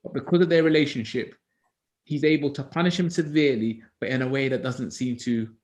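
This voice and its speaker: A man, a teacher co-hosting a Bible study discussion, telling stories in a casual, animated way. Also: medium pitch, fairly quick. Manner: animated storytelling, acts out others' words.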